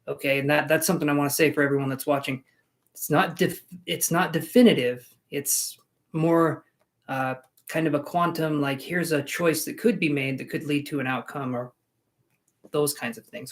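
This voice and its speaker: A man giving live-stream tarot readings, chatty and rambling, making jokes at his own expense. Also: a little high. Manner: rambling, self-mocking, chatty. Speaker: tarot reader.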